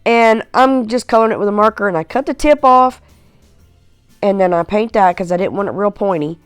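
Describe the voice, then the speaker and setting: Woman, folksy craft chat, smooth clear voice, dry close sound. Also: medium pitch, fairly quick, no echo, faint music behind. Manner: chatty, folksy, self-mocking with fillers. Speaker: craft video host. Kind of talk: casual crafting voice-over. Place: at home in a recliner.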